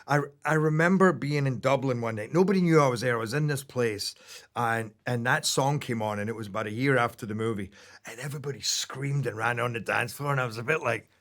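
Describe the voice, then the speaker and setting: A man's voice: medium pitch, fairly quick, a bit bright. A man being interviewed as a film actor, chatting casually and laughing at himself. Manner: chatty, laughing, self-deprecating.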